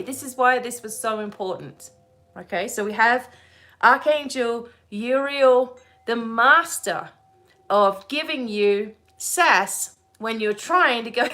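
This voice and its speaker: Woman, bright and fairly high voice, casual and animated spiritual host, laughs often and keeps asking "right?". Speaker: spiritual teacher hosting a webinar. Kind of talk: casual teaching talk.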